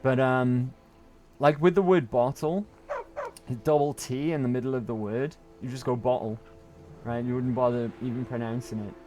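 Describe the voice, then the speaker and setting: A man's voice: mid-range voice, fairly even intonation, normal speed, a little mellow, soft background music. A young British man streaming a game, chatting in a rambling way and often tagging on "right?". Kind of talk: casual gaming chat.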